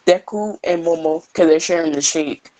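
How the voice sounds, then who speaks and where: A young woman improvises a fan story in a loose, rambling way. Her voice sits slightly low for a woman. She leans on fillers as she goes and keeps it casual throughout. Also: normal speed, mellow, poor audio.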